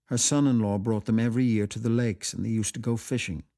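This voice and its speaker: A man reading a classic short story aloud for radio in a measured, quiet way. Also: lowish voice, steady tone, vocal fry.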